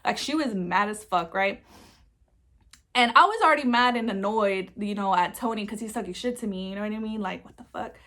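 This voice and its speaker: A woman's voice: mid-range voice, brisk, fairly bright tone. A young woman telling a personal story in a casual storytime vlog, chatty, swearing freely and filling her speech with "like". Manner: chatty, swears freely, many filler words. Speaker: vlogger.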